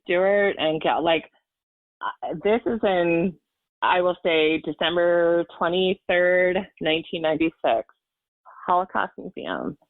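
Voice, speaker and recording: A woman's voice: fairly low pitch, takes it slowly, dry recording. A woman in her forties tells a personal story on a podcast with earnest feeling, circling back through fillers and false starts. Her voice comes through a tinny, phone-like line. There is little room sound around her. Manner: earnest and emotional, rambling with many fillers and restarts. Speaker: podcast guest. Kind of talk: personal storytelling in casual chat.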